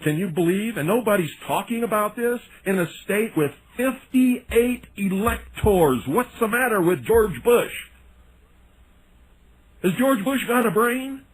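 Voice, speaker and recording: A man's voice: high-pitched, lively intonation, a little slow, slightly rough, poor audio. Indignant ranting man on talk radio. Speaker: radio host. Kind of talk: radio talk show monologue.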